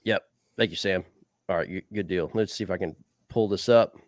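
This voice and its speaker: A man's voice: low voice, brisk, dry recording, studio quality. A man hosting a fishing league recap show, talking casually and rambling, calling people "man" and "dude". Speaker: show host.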